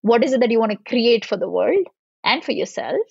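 A woman, a podcast guest, telling a deeply personal story in an earnest, reflective way. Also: lively intonation, brisk, creaky, slightly rough, no echo. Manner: reflective, earnest, voice wavering with emotion. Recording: dull lo-fi sound with soft music.

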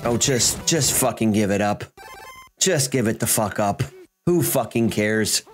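A man hosting a gaming channel, ranting and swearing through his gameplay commentary, swinging between shouting and muttering. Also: fairly low pitch, measured pace, soft background music.

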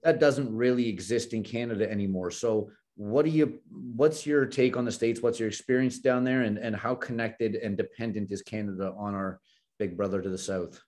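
A man's voice: fairly low pitch, moderate pace, darkish tone. A man co-hosting a podcast, asking earnest, conversational questions. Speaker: podcast co-host. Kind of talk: podcast interview.

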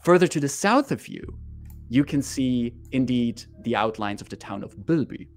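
A man's voice: medium pitch, animated, slight background noise. Man narrating a tabletop game. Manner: vivid, unhurried scene-setting description. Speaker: game master.

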